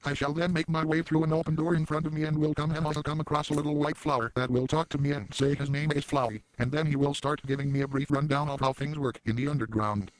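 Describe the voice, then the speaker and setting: A man's voice: on the high side, fairly even intonation, quick pace, hardly any pauses, a little hiss or hum, close to an everyday voice, low-quality recording. A man doing a brash, vulgar cartoon dad. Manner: brash, rambling storyteller with sudden outbursts. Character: crude, boastful adult man cartoon dad, shameless and vulgar. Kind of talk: parody cartoon monologue.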